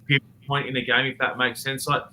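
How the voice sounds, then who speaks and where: Bright, blunt man. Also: medium pitch, quick pace, a little hiss or hum, low-quality recording. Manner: animated, blunt, swears casually. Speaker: guest rugby commentator. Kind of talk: casual podcast chat. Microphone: remote call.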